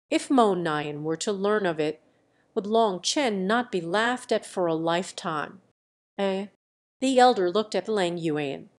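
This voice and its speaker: A woman narrating a translated web novel as an audiobook in an even, unhurried way. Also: medium pitch. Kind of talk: scripted narration.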